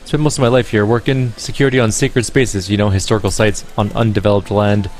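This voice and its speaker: A man's voice: lowish voice, steady tone, quick pace, darkish tone, soft background music, natural voice. A man voicing Rainbow, a brash, slangy Irish ex-park ranger woman in a game reading, with a put-on Irish accent. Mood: chatty.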